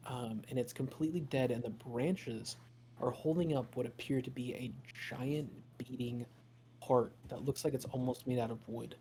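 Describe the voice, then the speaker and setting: Chill guy narrating a tabletop game, mellow dark voice, lots of ums, bit of hiss behind. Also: mid-range voice, fairly even intonation, normal speed. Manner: casual, rambling, many fillers and swearing. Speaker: game master.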